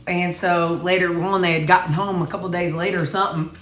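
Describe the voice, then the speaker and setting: A woman's voice: on the low side, fairly even intonation, fast, a bit bright, roomy sound, faint music behind. A woman with a Missouri accent, chatting casually and rambling folksy as she vlogs from her home kitchen. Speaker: vlogger. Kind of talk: casual chat.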